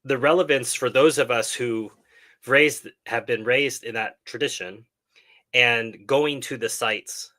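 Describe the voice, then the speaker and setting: Middle-aged male host, relaxed live-stream Q&A, bright ringing tone, thoughtful pauses. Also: mid-range voice. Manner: thoughtful, pauses and restarts while explaining. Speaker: channel host answering viewer questions. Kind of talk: casual live-stream talk.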